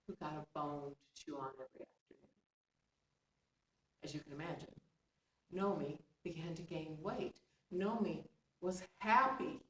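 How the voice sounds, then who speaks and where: A woman storyteller telling a folktale expressively, with chatty asides to her listeners. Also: on the low side. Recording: roomy, distant, faint background hum.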